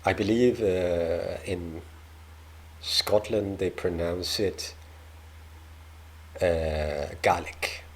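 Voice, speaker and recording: A young Danish man with a Danish accent reacts on camera in a relaxed chat. His voice is low and his pace slow. He hesitates often, fills pauses with ums, and pokes fun at himself. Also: a little hiss or hum. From Denmark. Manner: hesitant, self-deprecating, lots of fillers. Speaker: reaction video host. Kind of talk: casual reaction commentary.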